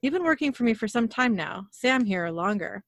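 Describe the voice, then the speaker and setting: Woman reading smug demon boss lines, quiet and flat, dry sound. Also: on the high side, normal speed, no room sound. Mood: smug menace. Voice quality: flat read-aloud delivery, no put-on voice. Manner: reads quoted lines quietly. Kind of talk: reading script lines aloud.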